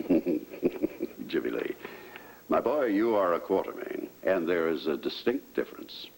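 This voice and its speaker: An actor playing a crusty older family patriarch in a daytime soap, talking in a gruff, suspicious, sly way. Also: male voice, low-pitched, very animated, takes it slowly, darkish tone, exaggerated voice, low-quality recording. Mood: wry.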